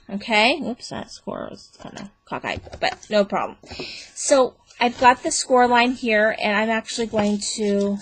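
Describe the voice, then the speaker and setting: A woman in her thirties chatting through a craft tutorial, rambling with fillers and calling herself a dork. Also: on the high side. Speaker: crafting vlogger.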